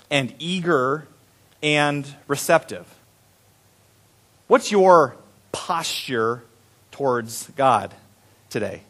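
A man's voice: on the high side, a bit bright. A male pastor giving a sermon in a conversational, playful storytelling manner.

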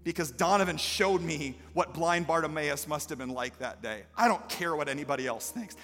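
Bright-voiced preacher in a reverberant sanctuary. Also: male voice, on the high side, animated, normal speed, hardly any pauses. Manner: storytelling that builds to loud, impassioned preaching. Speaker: pastor. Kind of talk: sermon. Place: church sanctuary. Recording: live hall reverb with faint music.

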